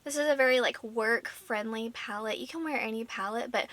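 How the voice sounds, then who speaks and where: A woman's voice: a little high, a little fast, a bit bright, no room sound. A woman chatting casually as a beauty vlogger, slightly out of breath and filling her talk with "like". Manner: chatty, fills with "like".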